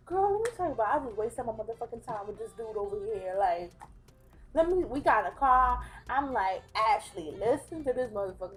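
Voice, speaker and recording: A young woman telling a casual storytime vlog, animated, acting out the other people's lines in quick mock voices. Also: a little high. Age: young adult. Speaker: vlogger.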